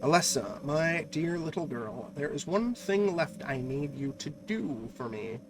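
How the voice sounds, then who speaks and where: A man's voice: on the high side, animated, measured pace, noisy background. A man voicing a scheming, sweet-talking cult mother in a mock-sweet taunting way, with music playing behind.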